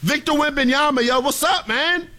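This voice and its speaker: A man's voice: extremely high pitch, normal speed, pushed and bright. A young man co-hosting a sports talk show, ranting in an exasperated, emphatic way.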